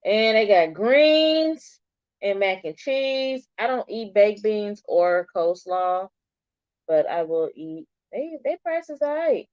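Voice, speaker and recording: Chatty and animated, a middle-aged livestream host answers comments from her viewers in a slow, medium-pitched voice. The stream audio has no room sound and is dull and a bit lo-fi.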